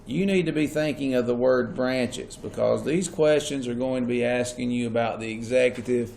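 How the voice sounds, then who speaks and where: A man's voice: mid-range voice, steady tone, moderate pace, gravelly, darkish tone, a little hiss or hum. Man teaching a class. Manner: asks the class questions, repeats key points. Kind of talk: classroom lecture.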